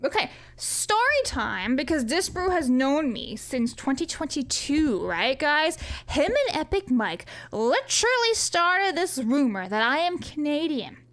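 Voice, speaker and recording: A woman's voice: high-pitched, big pitch swings, a little slow, hardly any pauses, a bit bright. A woman streamer chatting casually on a live stream, reading viewers' chat aloud and answering in a joking, profane way.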